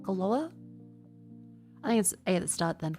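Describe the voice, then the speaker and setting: A woman streamer talks on a desk mic, a little stuffy from a sinus infection. She is excitable, profane and rambling, and her pitch sits in an ordinary middle range. Music plays faintly under her. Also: moderate pace. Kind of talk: casual gaming stream chat. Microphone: desk microphone.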